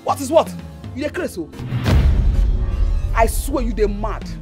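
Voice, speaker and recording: An actress with a Nigerian accent playing a quarrelsome young woman who mocks and shouts in Pidgin. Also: a little high, animated, unhurried, music in the background. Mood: scornful. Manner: mocking, repeats herself, shouts in Pidgin. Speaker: actress in a film. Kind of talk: Nollywood film drama.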